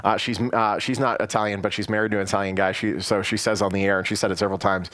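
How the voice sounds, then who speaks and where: A man's voice: on the low side, level tone, fast, a bit bright. A man hosting a casual live show, reading news items aloud with playful asides. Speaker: radio and TV show host. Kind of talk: casual live-stream chat.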